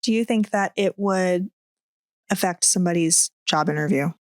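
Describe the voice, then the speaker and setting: A woman's voice: on the low side, moderate pace, dry recording, clean studio sound. A middle-aged woman co-hosting a podcast, telling workplace stories casually and laughing often. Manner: giggly, animated storytelling. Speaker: podcast co-host. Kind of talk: casual chat.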